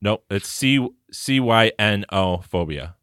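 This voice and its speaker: A man's voice: lowish voice, expressive, takes it slowly, fairly bright tone, clean tone, dry recording, studio quality. A man co-hosting a podcast, teasing and chatting casually with a guest. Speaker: podcast co-host. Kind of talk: casual chat.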